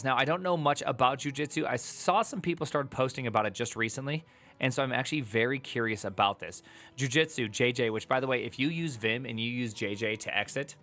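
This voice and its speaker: A man chatting casually on a live stream as he reads tech articles, rambling and joking with his chat. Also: medium pitch. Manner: animated, jokey, rambling asides to chat.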